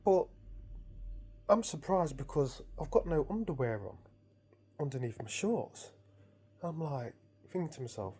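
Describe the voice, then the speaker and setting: A man's voice: fairly high pitch, lively intonation, a little slow, pauses often, warm tone, breathy edge. A man casually recounting a dream to his viewers, amused and rambling, with frequent restarts. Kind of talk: casual storytelling.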